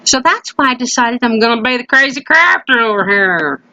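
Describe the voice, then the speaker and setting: A woman's voice: on the high side, lively intonation, fairly quick, sharp tone, poor audio. A woman hosting a crafting video, chatting playfully as she works and often slipping into a put-on folksy country voice. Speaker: craft channel host. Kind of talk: casual crafting voice-over. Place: at home.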